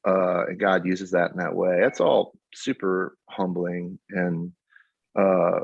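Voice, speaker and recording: A man's voice: deep voice, slow, gravelly, husky, no room sound. A man in his fifties, a guest songwriter in a casual interview, telling stories with animation and frequent laughter. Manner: animated storyteller, laughs often. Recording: dull lo-fi audio.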